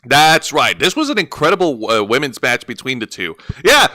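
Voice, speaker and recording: Male podcast co-host, lively pitch swings, loose rambling delivery. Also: normal speed. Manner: rambling, many restarts and "like" fillers. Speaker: wrestling review co-host. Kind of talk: casual podcast chat.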